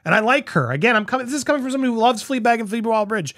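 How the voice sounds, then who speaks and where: High-voiced man reviewing a film. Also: rapid-fire, no room sound, studio quality. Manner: conversational, rambling with restarts and asides; animated, voices other people's reactions. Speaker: movie reviewer. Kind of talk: casual spoken film review.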